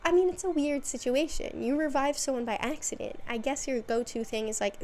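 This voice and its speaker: A chatty woman with a fairly high voice talks through a story recap. She throws in sarcastic asides and quick bits of quoted dialogue. A faint hiss sits under the voice. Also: darkish tone. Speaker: video essay host. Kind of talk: casual recap monologue.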